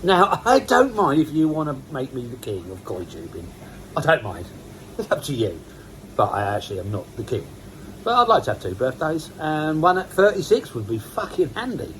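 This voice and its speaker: A man's voice: on the high side, huge pitch swings, moderate pace, fairly bright tone, a little hiss or hum, rough recording. A man, chatting casually and rambling on a vlog, self-mocking and swearing casually. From England. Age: 50s. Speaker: koi pond vlogger. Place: outdoors by a garden pond.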